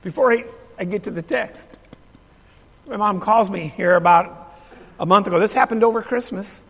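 A man's voice: high-pitched, moderate pace, gravelly, a bit bright, breathy edge. A middle-aged male pastor telling a story in a sermon, emphatic and repeating his phrases while asking the congregation questions. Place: church sanctuary. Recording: long reverb of a large hall.

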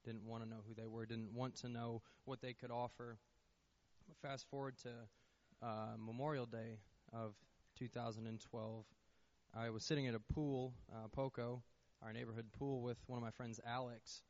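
A man's voice: medium pitch, level tone, moderate pace, darkish tone. Young man, earnest testimony speaker, faltering repeats, mid-range voice, slightly muffled lo-fi recording. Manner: earnest storytelling, frequent restarts and repeated words. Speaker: church member giving testimony. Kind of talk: personal testimony told to a congregation. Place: church sanctuary.

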